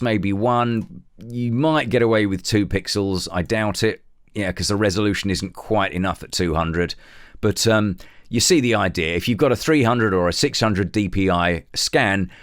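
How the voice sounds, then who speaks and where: A man, walking through a photo editing tutorial step by step in a relaxed, explanatory way. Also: fairly low pitch, dry recording, clean studio sound. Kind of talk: software tutorial.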